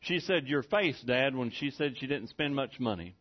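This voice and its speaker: A man's voice: medium pitch, expressive, normal speed. A middle-aged man preaching a sermon in a folksy, storytelling way, often laughing as he talks. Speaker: pastor. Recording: muffled lo-fi recording.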